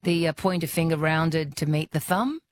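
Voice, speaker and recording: A woman hosts a casual radio chat in a lowish voice. She is chatty and laughs easily. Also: normal speed. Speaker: radio host.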